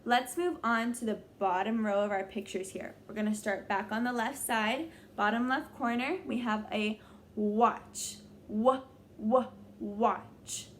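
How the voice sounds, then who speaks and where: A young woman teaching young children a phonics lesson, sounding out letters slowly and praising them often. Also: fairly high pitch, a little hiss or hum. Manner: slow, exaggerated sounding-out of letters; encouraging, praising. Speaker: kindergarten teacher.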